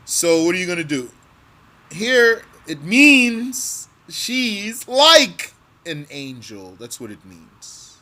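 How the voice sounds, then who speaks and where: A male religious teacher works through a text at a very unhurried pace, reading each Arabic phrase and then translating and explaining it word by word. His voice sits a little high with a bright, forceful edge, and he often repeats a phrase to drive it home. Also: big pitch swings. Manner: slow and deliberate, repeating phrases. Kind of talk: line-by-line text lesson.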